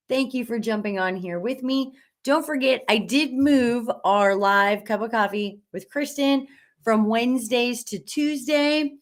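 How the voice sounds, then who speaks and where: Woman host, live-stream chat, upbeat and encouraging, a little high-pitched, cheering on her viewers. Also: fairly bright tone. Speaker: host of a live stream for women Jeep owners. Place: studio.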